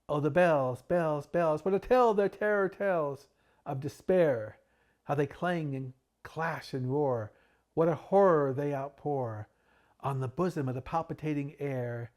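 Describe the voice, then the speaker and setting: A man hosting a reading show, reading a poem aloud dramatically, building louder and higher on repeated refrains and dropping soft for casual asides. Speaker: host reading poetry. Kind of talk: dramatic poetry reading with chatty intro and outro.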